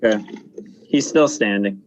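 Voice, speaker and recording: A man's voice: fairly low pitch, normal speed, a little hiss or hum. A man playing a tabletop game, matter-of-fact with dry humor. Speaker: player.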